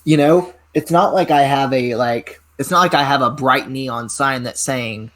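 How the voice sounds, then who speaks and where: Animated young man telling wrestling stories. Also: medium pitch, normal speed. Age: 20s. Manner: animated rambling storyteller, heavy on filler words. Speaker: pro wrestler guest. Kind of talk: casual interview storytelling.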